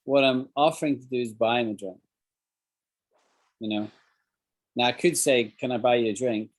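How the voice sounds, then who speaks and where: A man's voice: medium pitch, fairly even intonation, normal speed. A man teaching an English class over a video call, explaining phrases and acting out examples.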